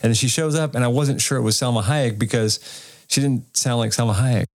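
A man's voice: medium pitch, fairly quick. A man co-hosting a casual movie review podcast, wry and joking, often restarting his sentences. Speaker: podcast co-host.

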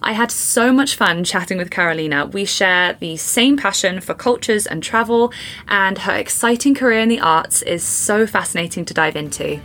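A woman's voice: mid-range voice, lively intonation, normal speed, fairly bright tone. Upbeat woman hosting a podcast. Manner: upbeat and friendly. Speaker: podcast host. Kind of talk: scripted intro, then casual interview chat.

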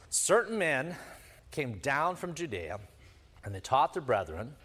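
A man's voice: a little high, a bit bright, big-room sound. A man preaching a sermon as pastor, emphatic, with sweeping rises and drops in his delivery.

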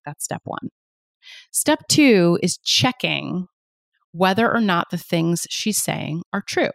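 A woman guest on a podcast, a pain psychologist explaining ideas in an energetic, emphatic way with lots of rhetorical questions. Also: on the low side, gravelly, no room sound, studio quality.

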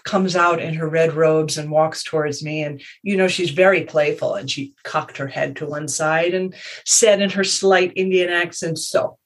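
A woman guest speaking in a measured, reflective way, telling personal stories in a conversation. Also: low-pitched.

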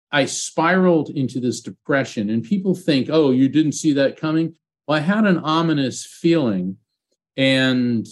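A man, a psychic medium being interviewed as a guest, telling a personal story in an earnest, heartfelt way. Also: mid-range voice.

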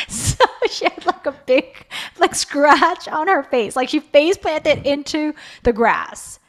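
A woman in her thirties co-hosting a podcast, telling a family story in a casual, animated way. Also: high voice, slow pace. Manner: animated storyteller, acts out quoted voices. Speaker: podcast co-host.

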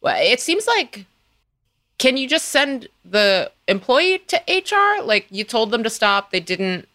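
A woman's voice: a little high, sing-song, unhurried, sharp tone, dry recording. A woman in her thirties co-hosting a podcast, chatting casually and thinking aloud with plenty of restarts. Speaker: podcast co-host. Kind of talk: casual chat.

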